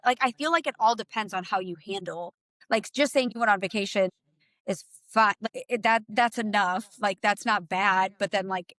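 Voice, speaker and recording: A woman co-hosting a podcast in casual chat, emphatic and animated, jumping up in pitch when she quotes people. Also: no room sound. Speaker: podcast co-host.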